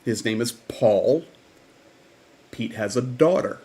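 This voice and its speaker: A man's voice: mid-range voice, expressive, slow pace, dark tone, slightly rough. A man hosting a livestream update who tells events in an earnest, storytelling way. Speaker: host.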